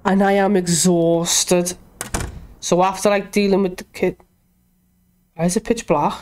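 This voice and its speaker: A woman's voice: fairly low pitch, little pitch movement, measured pace, darkish tone, a little hiss or hum. A young woman, chatting and reacting as she plays a horror game, talking to herself and shrieking when scared. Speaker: gaming YouTuber. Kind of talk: casual let's-play commentary.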